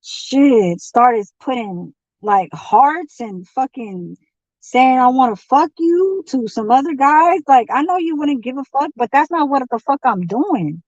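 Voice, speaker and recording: Woman, high voice, rambling profane rant, dull lo-fi recording. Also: expressive, a little slow, a little mellow, no room sound. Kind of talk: venting monologue.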